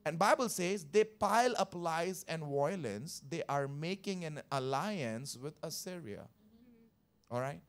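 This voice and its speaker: High-voiced male pastor preaching emphatically. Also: animated, a little slow. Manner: emphatic, repeats key phrases, calls for congregation response; explains scripture verse by verse. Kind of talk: sermon.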